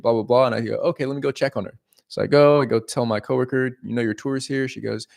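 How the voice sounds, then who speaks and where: A man's voice: medium pitch, steady tone, fast, vocal fry, darkish tone. Young guy on a livestream, rambly and sweary, keeps going "right?". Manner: rambling, profane, self-interrupting with "right?". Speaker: leasing agent streaming to viewers. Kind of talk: casual livestream storytelling.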